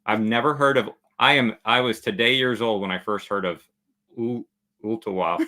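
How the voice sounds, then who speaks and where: A man's voice: fairly low pitch, steady tone, normal speed, pushed and bright. A man hosting a casual travel livestream, chatty and joking as he reads viewer comments aloud. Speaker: travel channel host.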